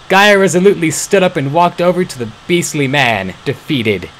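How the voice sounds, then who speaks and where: A man's voice: on the high side, lively intonation, moderate pace, a bit bright, a little hiss or hum, poor audio. A man reading a fan story aloud, stumbling and correcting himself now and then. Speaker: fan-fiction reader.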